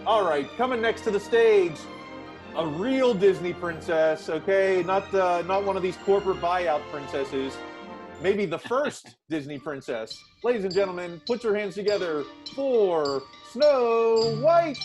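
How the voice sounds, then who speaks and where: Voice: medium pitch, expressive, measured pace. An emcee introducing acts at a comedy show in a teasing, hype-building way. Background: music.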